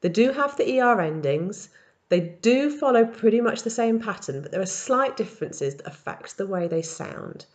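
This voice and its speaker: A woman teaching in a recorded language tutorial, explaining verb patterns step by step and modelling each form slowly. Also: medium pitch, animated. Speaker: French teacher.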